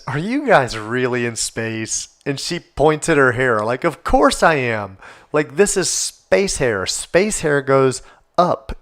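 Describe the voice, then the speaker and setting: A man hosting a casual solo podcast, rambling and swearing as he gets worked up. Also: mid-range voice. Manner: rambling, profane, animated. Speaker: podcast host.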